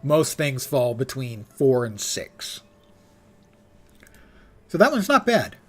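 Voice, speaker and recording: A man's voice: mid-range voice, very animated, slow. An older man giving wry, rambling live-stream commentary on a game, swearing casually and saying he is losing his voice.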